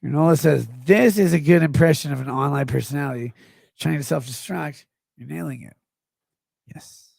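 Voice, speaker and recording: Middle-aged male streamer, drunk and rambling, husky voice, dry close sound. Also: a little high, normal speed, darkish tone, no echo. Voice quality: gravelly. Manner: slurred, rambling, swings between mumbles and outbursts. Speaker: livestreamer. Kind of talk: rambling livestream chat reading comments.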